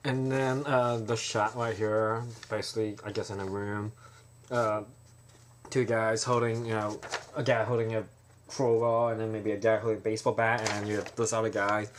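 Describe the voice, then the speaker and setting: Low-voiced man rambling through a pitch. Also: little pitch movement, moderate pace, a little hiss or hum. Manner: rambling, full of fillers and restarts. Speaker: amateur filmmaker pitching a trailer.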